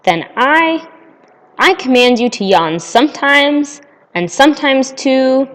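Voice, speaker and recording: A woman's voice: mid-range voice, sing-song, normal speed. A woman playing a pompous old king. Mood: commanding. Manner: commanding, self-important. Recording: long reverb.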